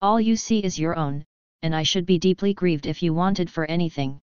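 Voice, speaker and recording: A woman reading as a sad, gruff beast. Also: on the low side, moderate pace, darkish tone, no echo, dull audio, natural voice. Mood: polite. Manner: sad, awkwardly polite. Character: gentle, sorrowful male beast, a monster.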